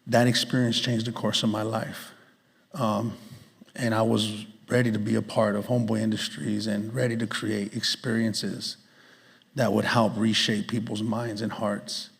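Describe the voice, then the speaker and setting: A man's voice: on the low side, little pitch movement, unhurried, vocal fry, breathy edge, in a large hall. A man on a festival panel, telling an earnest personal story in casual street-inflected speech. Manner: earnest, candid, street slang. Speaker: panelist, nonprofit executive. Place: large hall.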